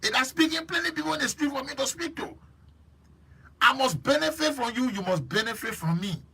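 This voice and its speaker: Husky, high-voiced Liberian man hosting. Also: a little fast. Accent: Liberian English. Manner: lively and preachy, teasing viewers by name. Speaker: host. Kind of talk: live-stream chat greeting viewers.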